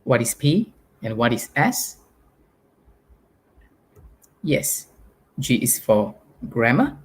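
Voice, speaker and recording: A man's voice: medium pitch, sing-song, takes it slowly, husky. A Malaysian man teaching a live online English lesson, patiently drilling spelling and pronunciation for primary pupils.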